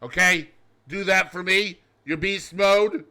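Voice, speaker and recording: Loud, bright-voiced showman host. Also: high voice, slow. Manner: loud, showy, over-the-top alter-ego persona. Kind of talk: comedic daily show monologue.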